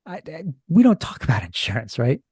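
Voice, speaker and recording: A man's voice: a little high, wildly swooping pitch, fairly quick, mellow, breathy edge, dry recording, studio quality. A man who is a podcast guest, retelling a strange experience from his notes in a rambling, hesitant, casual way. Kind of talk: casual storytelling chat.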